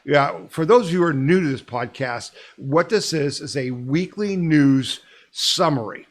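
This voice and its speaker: Man, podcast host, weekly news commentary, emphatic, urgent, fairly high voice. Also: unhurried. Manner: emphatic, urgent, calls listeners to action.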